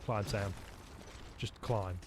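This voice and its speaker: A man's voice: fairly low pitch, steady tone, slow, noisy background. A man streaming a video game, rambling and joking with his chat as he plays. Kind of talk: let's-play commentary.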